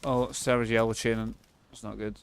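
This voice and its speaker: A man's voice: lowish voice, little pitch movement, a little fast, gravelly, smooth, no echo. A Scottish man live streaming a game, chatting casually and swearing freely as he thanks viewers. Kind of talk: casual gameplay chat.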